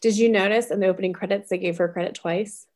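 A woman's voice: medium pitch, fairly even intonation, fast talker, darkish tone. A chatty woman co-hosting a podcast, easygoing and casual. She laughs often and acts out her own reactions as she talks. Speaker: podcast co-host. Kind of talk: casual chat.

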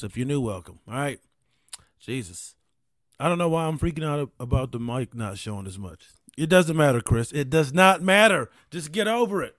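Male podcast host, slightly high voice, loose and rambling, profane jokes, dry close sound. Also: no room sound. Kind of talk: casual solo podcast chat. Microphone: studio mic on camera.

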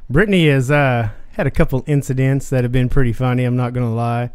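A man's voice: mid-range voice, fairly even intonation, fast talker, a little mellow, clear, resonant tone. A man co-hosting a podcast, telling rambling anecdotes in casual chat with lots of fillers. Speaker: podcast co-host.

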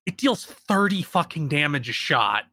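A man on a casual podcast, telling stories with excited laughter. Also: fairly high pitch, normal speed, husky. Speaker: podcast co-host, streamer.

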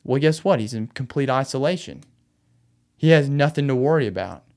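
Podcast host, male, mid-pitched and resonant, casual slangy storyteller for a laid-back faith show. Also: expressive, normal speed, vocal fry, a little mellow. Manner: loose, chatty storytelling with slangy asides.

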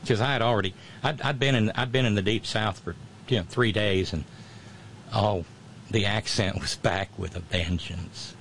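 A man's voice: fairly low pitch, normal speed, a bit bright, slight background noise. A middle-aged man, casually chatting and reading viewer comments, rambling with many restarts and wry asides. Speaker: livestream host.

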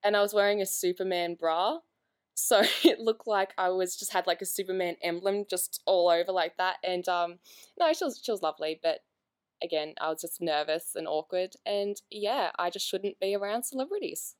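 A woman's voice: lowish voice, normal speed, clear, resonant tone. Woman podcast guest, chatty and self-deprecating, laughs a lot. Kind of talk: casual chat.

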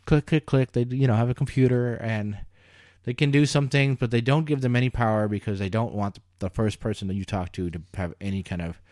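A man's voice: medium pitch, brisk, no echo, clean studio sound. A man in casual chat, telling stories animatedly and swearing freely. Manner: animated storyteller, acts out quoted voices, swears freely.

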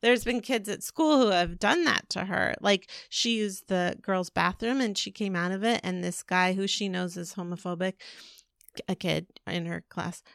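A woman's voice: mid-range voice, normal speed, vocal fry, fairly bright tone, clear, resonant tone, no room sound, studio quality. A woman in her forties co-hosting a podcast, chatting casually and rambling with lots of fillers and restarts. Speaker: podcast co-host. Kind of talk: casual chat.

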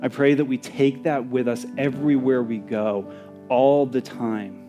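A male pastor preaching a sermon, sometimes singing hymn lines, excitable and then softening into prayer. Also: mid-range voice, unhurried, over music. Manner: exuberant, rising to near-shouts of joy; lapses into soft, intimate prayer.

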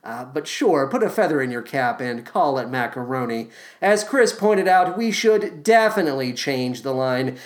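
A man's voice: fairly high pitch, very animated, normal speed. A man hosting a podcast, reviewing a musical score with wry, exasperated sarcasm. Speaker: podcast host. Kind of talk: scripted comedic review.

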